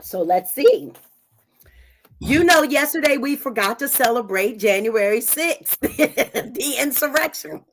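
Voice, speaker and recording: A woman's voice: high voice, takes it slowly, a little hiss or hum. A woman co-hosting a casual podcast, laughing and bringing up topics. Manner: laughing, relaxed, feeding topics. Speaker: co-host.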